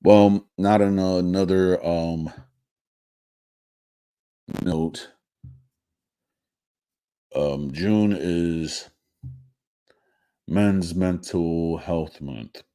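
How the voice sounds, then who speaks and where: A man hosting a casual live stream, talking in a halting way with many restarts and fillers. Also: low voice, warm tone, clear, resonant tone. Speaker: show host.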